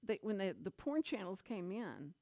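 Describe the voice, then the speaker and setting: Animated woman telling a story. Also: mid-range voice, no room sound. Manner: animated storyteller, laughs often, quick asides. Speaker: radio show host. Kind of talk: casual chat, telling a story.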